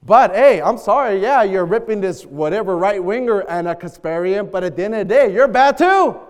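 Man, pastor, sermon, loud call-and-response, resonant voice, long hall reverb. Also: sits high, lively intonation, normal speed.

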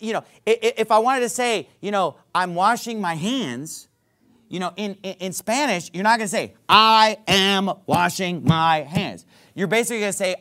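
A man's voice: high voice, a bit bright. A man preaching a sermon. He teaches in an emphatic, conversational way, often checking in with "okay?" and "right?".

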